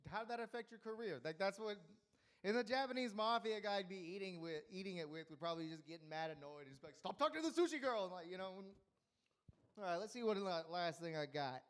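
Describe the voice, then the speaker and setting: A young man doing a rambling, crude stand-up set at an open mic with deadpan punchlines. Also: sits high, fast talker, smooth. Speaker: stand-up comedian.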